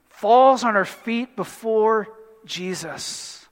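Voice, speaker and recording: A man preaching a sermon in an animated way, with humorous asides and acted-out voices from the story. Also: sits high, takes it slowly. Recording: long hall reverb.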